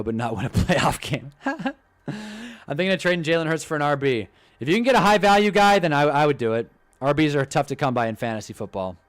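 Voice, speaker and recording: A young man hosting a casual live stream, talking in an animated, swearing rant. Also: a little high. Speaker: livestream host. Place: indoors at a green screen.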